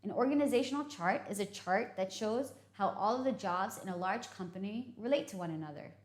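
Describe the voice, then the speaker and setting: An American woman with a medium-pitched, animated voice gives a vocabulary lesson at a fairly quick pace. She explains English words patiently and frequently checks in with "okay?" The room is echoey.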